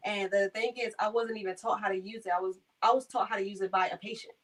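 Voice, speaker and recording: A woman's voice: mid-range voice, fast talker, recorded from a distance, poor audio. A young woman from Maryland, a caregiver, telling her stories in a casual interview and acting out the people in them. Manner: animated, acts out voices in her stories.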